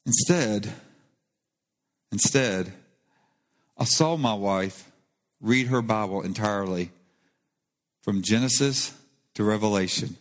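A man's voice: on the low side, slow, pauses often. Man preaching in a reverberant church. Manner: earnest, conversational preaching with rising emphasis. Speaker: pastor. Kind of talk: sermon. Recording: long reverb of a church hall.

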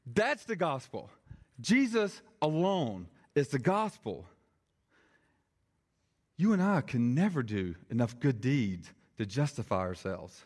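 A man's voice: a little high, a little slow, husky. Chatty man preaching a sermon. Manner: chatty, animated, jokey asides. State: slightly strained voice. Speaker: lay preacher, congregational elder. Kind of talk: conversational sermon.

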